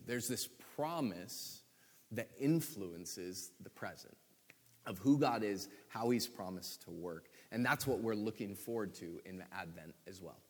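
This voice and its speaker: A man in a thoughtful, measured faith discussion, sometimes slowing down to reflect. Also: lowish voice, breathy edge. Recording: long reverb.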